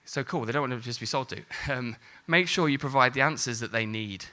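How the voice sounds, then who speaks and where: A man's voice: mid-range voice, brisk, pushed and bright. A man in his forties giving a live conference talk on marketing, casual and jokey, with the odd mild swear. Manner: jokey, casual, swears lightly, acts out exchanges. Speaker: conference speaker.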